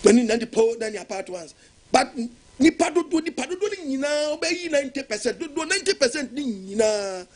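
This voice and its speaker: A middle-aged man with a Ghanaian accent delivers a dramatic sermon, his pitch sitting very high and swinging widely. His voice is husky, and he slips between teaching, shouting and laughter. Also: very animated, fast talker. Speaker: preacher. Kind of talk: sermon in Twi with English phrases.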